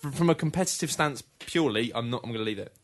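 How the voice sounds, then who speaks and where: A man's voice: medium pitch, fast talker. A man co-hosting a comedy podcast, chatting casually with playful mock offence. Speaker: podcast co-host, writer.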